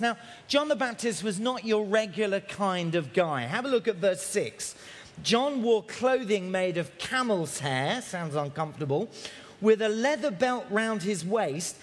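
High-voiced preacher, shouting. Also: male voice, big-room sound. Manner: shouting loudly to carry in the rain. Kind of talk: outdoor sermon. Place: outdoors, at a camp in the rain.

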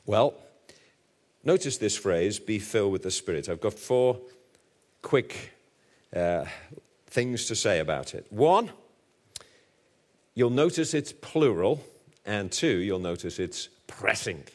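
Lively Liverpool preacher, booming then hushed. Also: male voice, takes it slowly, long pauses. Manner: humorous, lively, swinging between booming and hushed. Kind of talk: sermon.

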